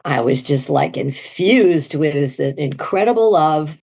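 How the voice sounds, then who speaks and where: A middle-aged woman telling her story in an interview, animated and leaping into high quoted voices. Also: slow, gravelly, slightly rough. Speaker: guest, near-death experiencer.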